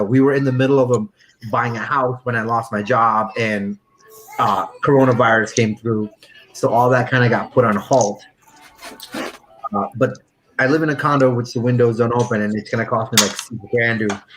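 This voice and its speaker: A man chatting loosely on a build-off stream, rambling along with plenty of fillers and restarts. he sits in the middle of the range for pitch and keeps it casual. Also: a bit bright, slight background noise, rough recording. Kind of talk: casual chat on a video call.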